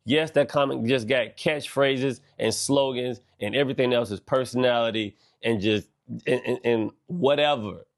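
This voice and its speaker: A middle-aged man hosting a podcast, delivering a loose, animated monologue full of slang and swearing. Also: medium pitch, moderate pace. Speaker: podcast host. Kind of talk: casual monologue.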